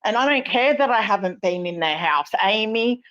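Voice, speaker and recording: A woman's voice: medium pitch, animated, normal speed, fairly bright tone, muffled recording. Emphatic Australian woman chatting on stream. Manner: emphatic, protective, frequent restarts. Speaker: co-host. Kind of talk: casual livestream chat.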